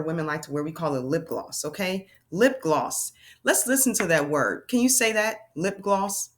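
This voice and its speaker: A woman's voice: on the low side, a bit bright. Upbeat lady teacher doing a phonics lesson for little kids, voice bounces all over, super encouraging. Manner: cheerful, encouraging, talks straight to young kids. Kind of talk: children's online phonics lesson.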